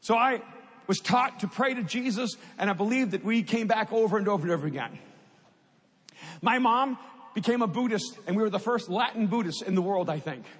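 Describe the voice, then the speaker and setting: High-voiced man telling his testimony. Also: expressive, fairly quick, slightly rough. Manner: storytelling, rising to impassioned at climaxes. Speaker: speaker giving a testimony. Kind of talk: personal testimony talk. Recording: long hall reverb.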